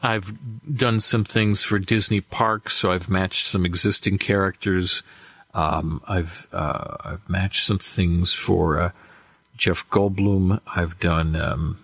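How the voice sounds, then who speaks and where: Lower-voiced man telling showbiz stories. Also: takes it slowly, dry recording. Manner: animated anecdotes with acted-out quotes. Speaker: voice actor and impressionist guest. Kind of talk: casual interview storytelling.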